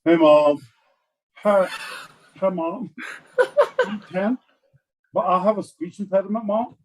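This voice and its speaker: A man's voice: sits high, slow pace, voice pushed up. A man putting on a British accent to voice an eager ten-year-old boy. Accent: put-on British.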